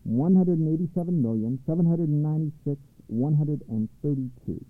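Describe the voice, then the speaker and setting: A man's voice: on the high side, a little fast, voice pushed up, close to an everyday voice. A man voicing a fussy, self-important court mathematician who lectures in a precise, long-winded way, over a tinny line. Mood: pompous. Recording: tinny phone-like line, dry.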